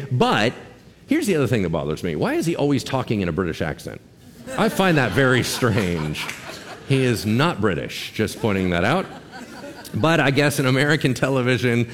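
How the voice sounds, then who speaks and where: Male pastor, sermon, lively pitch, conversational and humorous, talks straight to the congregation, church hall with long echo. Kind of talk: preaching a sermon. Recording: long reverb of a large hall.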